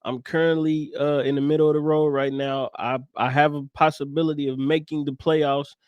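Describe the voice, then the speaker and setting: A man's voice: on the high side, level tone, fairly quick, clean tone, dry recording, muffled recording. A man co-hosting a podcast in casual chat, easygoing and upbeat with slangy speech. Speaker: podcast co-host.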